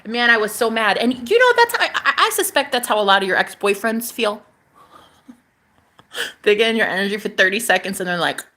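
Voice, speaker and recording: A woman vlogs to camera about spiritual matters, speaking fairly quickly with lively intonation and a sharp, medium-pitched voice. Sassy and profane, she calls viewers honey and repeats phrases for emphasis.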